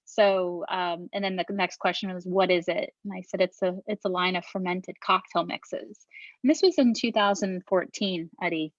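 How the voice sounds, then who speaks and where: A woman's voice: lowish voice, steady tone, moderate pace, no room sound, highs cut off. A middle-aged woman telling her story as an interview guest, speaking frankly, swearing casually and often restarting her sentences. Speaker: podcast guest, beverage founder.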